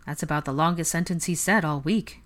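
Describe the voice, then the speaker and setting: A woman's voice: sits low, fairly quick, close to an everyday voice. Ron, a woman reading as a chatty casual young man. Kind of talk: fan fiction audiobook reading.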